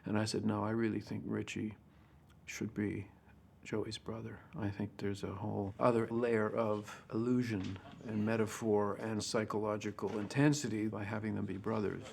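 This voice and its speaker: A man's voice: lowish voice, little pitch movement, moderate pace, gravelly, a little mellow, slight background noise. A man, a film director, talking thoughtfully and emphatically about casting and character in an interview. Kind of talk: interview for a featurette.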